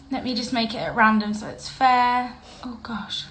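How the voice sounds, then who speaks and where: A woman's voice: a little high, moderate pace, hardly any pauses, fairly bright tone, slightly rough, poor audio. A young adult woman hosting a casual live-stream chat on her phone, chatty and enthusiastic. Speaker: livestream host.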